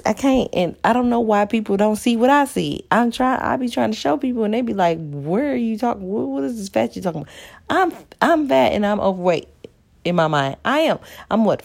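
Low-voiced, chatty, self-mocking woman. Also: a little mellow. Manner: chatty, profane, self-mocking, addresses viewers as y'all. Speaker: mother and vlogger. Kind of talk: casual confessional monologue.

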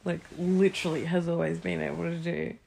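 A woman's voice: on the low side, level tone, fairly quick, creaky, mellow. A young Australian woman chatting with her mother, swearing a lot and laughing often. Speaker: adult daughter. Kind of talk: casual family chat.

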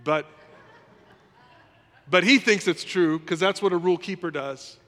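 A man preaching a sermon in a lively, conversational way, often acting out what others say. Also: high voice, measured pace, in a large hall. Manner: animated, conversational preaching, acts out quotes. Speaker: pastor.

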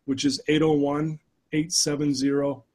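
A middle-aged man, a guest life coach, telling his story in an animated, conversational way during a podcast interview. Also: a little high, normal speed. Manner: animated storyteller who addresses the host by name.

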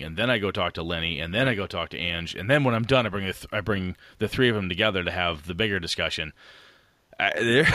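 A man co-hosting a podcast, chatting casually about tabletop gaming in a rambling, animated way with casual swearing. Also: deep voice, dry recording. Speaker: podcast co-host.

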